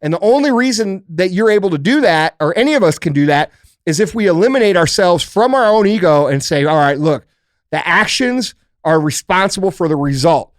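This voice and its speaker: Profane, emphatic podcast host, fairly high voice. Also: male voice, lively intonation, brisk, no room sound, studio quality. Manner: profane, emphatic, acts out quoted thoughts. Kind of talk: casual podcast chat.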